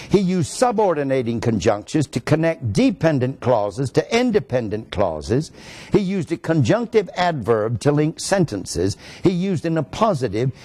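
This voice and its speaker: A man's voice: a little high, a little mellow. A man, a pastor, teaching a sermon that explains grammar step by step and stresses his points.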